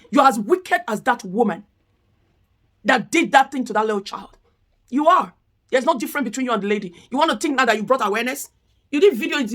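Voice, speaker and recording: A woman's voice: sits high, a bit bright. A woman giving an impassioned commentary rant, firing off repeated rhetorical questions. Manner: indignant, repetitive rhetorical questions. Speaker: commentary vlogger.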